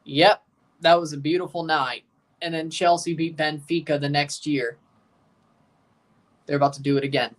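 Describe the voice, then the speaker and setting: A man's voice: on the high side, fairly even intonation, moderate pace, pauses often. A man hosting a live watchalong, chatting casually in a rambling, sarcastic way and swearing freely. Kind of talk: casual live reaction chat.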